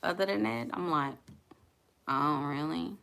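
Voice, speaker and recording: Casting: bright, forceful young woman with a Houston drawl, blunt and laughing as she riffs on viewer comments. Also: low-pitched, measured pace, creaky. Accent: Southern US (Houston). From Houston, Texas. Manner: blunt, laughing, talks back to chat. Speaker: vlogger reading live comments. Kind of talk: casual chat.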